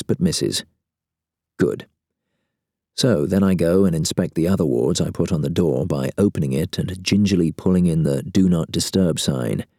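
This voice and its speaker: A man narrating a first-person story in a wry, deadpan way. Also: low voice, no echo, studio quality.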